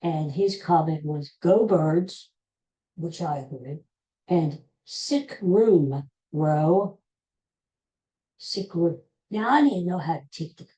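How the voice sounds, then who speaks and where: A man's voice: on the high side, mellow, poor audio. An older man hosting his own podcast, chatting casually in a rambling, opinionated way and often repeating himself. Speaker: podcast host. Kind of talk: casual solo podcast chat.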